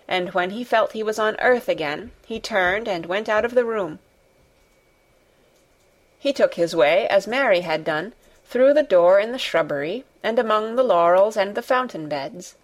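A woman narrating a classic novel as an audiobook, calm and measured. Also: mid-range voice.

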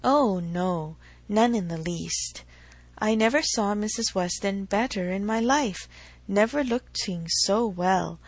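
A woman reading a brisk, self-assured young lady. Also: medium pitch, breathy edge, no room sound. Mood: reassuring. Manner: brisk, reassuring.

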